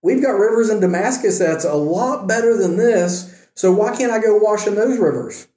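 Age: adult. Sex: man. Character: a man playing a proud, indignant army commander telling a story. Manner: huffy and complaining, with a high voice. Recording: echoey room. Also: moderate pace, mellow, natural voice.

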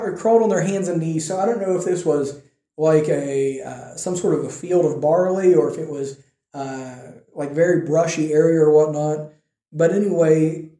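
A man giving a conversational sermon, telling a Bible story with animated delivery and acting out the quotes. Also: fairly high pitch, reverberant. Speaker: preacher.

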